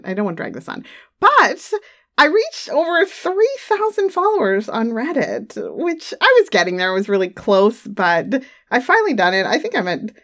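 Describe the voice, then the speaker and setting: A woman's voice: a little high, a bit bright. Giggly woman rambling thru her monthly update, voice bounces up and down a lot, home mic, bit of a runny nose. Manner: chatty and giggly, trailing off with fillers. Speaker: adult audio creator. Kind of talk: casual monthly update monologue. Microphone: studio microphone at home.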